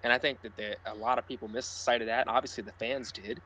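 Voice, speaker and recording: A man co-hosting a casual sports podcast, ranting loudly, sarcastic and profane. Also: medium pitch, steady tone, quick pace. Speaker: podcast co-host.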